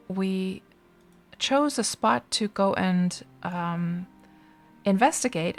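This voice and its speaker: Woman game streamer, relaxed chatter to chat, slightly gravelly voice, soft music underneath. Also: mid-range voice. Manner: chatty, answers viewers' chat between gameplay remarks. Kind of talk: casual live-stream chat while playing. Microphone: desk microphone.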